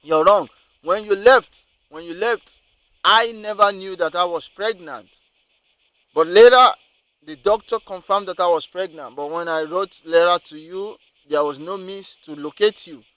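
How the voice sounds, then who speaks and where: A man doing a wife defending herself, a bit higher than his own voice, pushing back again and again with insistent lines. it's a storyteller's quick take on her, a man putting her on in an everyday voice. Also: a bit bright, low-quality recording. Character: pleading wife of a returning traveler.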